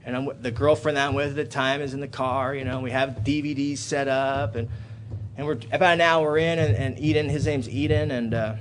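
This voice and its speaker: A man in his thirties speaking at a recovery meeting in a hotel hall, telling a personal story and building to loud, animated outbursts. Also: mid-range voice, brisk, slight background noise. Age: 30s.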